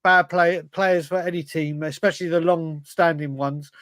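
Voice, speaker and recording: A man's voice: a little high, steady tone, normal speed, a bit bright, dry recording. A man co-hosting a football fan show, reading out viewer questions and chatting in an earnest, easygoing way. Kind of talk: casual football chat.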